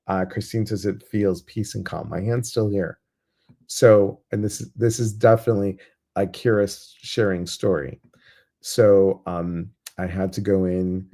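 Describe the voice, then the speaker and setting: A man hosting a live guided meditation, chatty and quick to laugh as he reads out viewer comments, then slowing into soft, soothing guidance. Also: low-pitched, steady tone. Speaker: meditation host.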